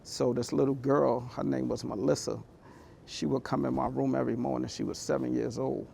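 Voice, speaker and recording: Male motivational speaker, heavy vocal fry, mid-pitched; candid and heartfelt, talks like he's chatting. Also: little pitch movement, normal speed, darkish tone, a little hiss or hum. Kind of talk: personal storytelling talk.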